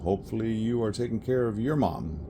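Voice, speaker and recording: Working at home in front of a tripod camera, a man narrates a resin pour briskly in a warm, lowish voice with lively intonation. He rambles, corrects himself and laughs at his own slips, and there's slight background noise.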